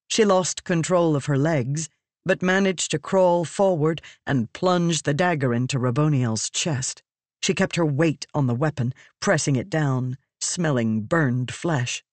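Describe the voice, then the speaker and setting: Brief: measured audiobook narrator, slow delivery, dry close recording. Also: mid-range voice, no room sound. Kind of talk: scripted narration.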